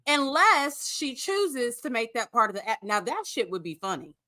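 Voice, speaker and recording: A woman talks bluntly in casual chat, her pitch swinging widely as she reacts, and she swears freely. The sound is close and dry. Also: expressive, moderate pace, pushed and bright, dry recording. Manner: blunt, swears, laughs often. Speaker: podcast co-host.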